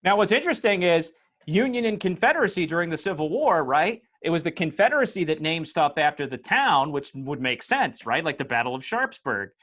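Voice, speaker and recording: This is a man with a slightly high voice and an upstate New York accent, talking casually as a podcast host. He tells stories and explains history in a teacherly way, speaking into a lapel mic on a video call from home. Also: big pitch swings, fairly quick, fairly bright tone. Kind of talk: casual chat.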